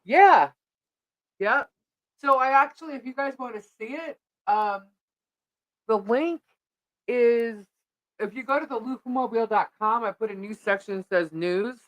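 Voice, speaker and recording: A middle-aged woman co-hosting a live podcast, chatting casually and telling an animated story in which she acts out what people said. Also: a little high, unhurried, long pauses, no echo, low-quality recording. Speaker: podcast co-host.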